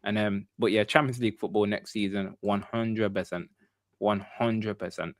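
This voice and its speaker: Male podcast host, mid-pitched, chatty and upbeat, close and dry. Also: steady tone, normal speed, no echo. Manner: upbeat, sign-off patter with frequent "um, but yeah". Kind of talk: casual fan chat.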